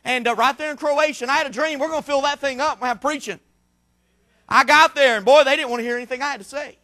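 A man, a missionary preacher, delivering an impassioned sermon with repetitive cadences that build to shouted peaks. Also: extremely high pitch, fairly even intonation, fast talker.

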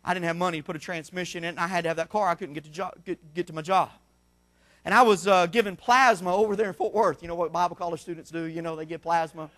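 A middle-aged man preaching a sermon in a church, telling folksy stories and swinging between shouts and hushed asides. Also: high voice, fairly even intonation, fast talker. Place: church sanctuary.

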